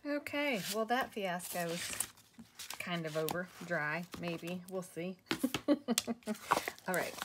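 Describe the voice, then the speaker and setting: A woman hosts a casual craft tutorial, talking through her steps in a fairly low voice. She chats freely, pokes fun at herself and fills pauses with ums and restarts. A faint hiss of noise sits under the recording. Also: animated. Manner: chatty, self-deprecating, many fillers and restarts. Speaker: craft video host.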